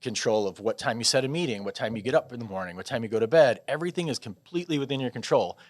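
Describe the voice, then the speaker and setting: A man from Des Moines, Iowa, a podcast guest telling a long personal story in a rambling, animated way with frequent restarts. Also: mid-range voice, rapid-fire. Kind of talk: casual storytelling interview.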